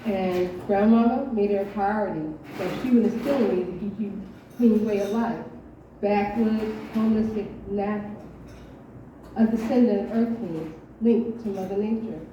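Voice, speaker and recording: A woman at an open mic, reading her own short story aloud in a measured storytelling voice, with hesitant asides between pieces. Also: medium pitch, warm tone, a little hiss or hum. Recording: echoey dull room from far off.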